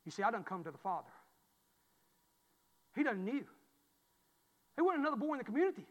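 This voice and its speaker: A man, preaching a sermon through a folksy personal story that swings from loud to hushed. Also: extremely high pitch, big pitch swings, fairly quick, in a large hall, highs cut off. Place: church.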